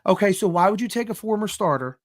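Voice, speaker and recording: A man's voice: sits high, lively intonation, quick pace. A man co-hosting a podcast over a video call, arguing his points emphatically and swearing often. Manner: profane, emphatic, argumentative. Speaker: podcast co-host. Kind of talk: heated casual sports chat.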